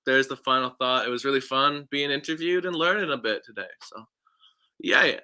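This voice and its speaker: A man's voice: medium pitch, brisk, bright, forceful tone, smooth. A man from Canada, a guest musician and streamer, chatting in an easygoing way and laughing often. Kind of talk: casual interview chat.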